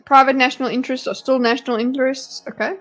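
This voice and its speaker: South African woman, fairly high voice, casual home streamer with faint music behind. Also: fast. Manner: chatty, animated, swears and laughs often. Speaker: streamer reading chat. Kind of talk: casual live-stream commentary. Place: her home.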